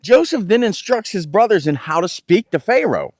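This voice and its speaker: Animated, halting male Bible teacher. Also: sits high, dry recording, clean studio sound. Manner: halting, repeats words and restarts phrases. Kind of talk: conversational scripture teaching.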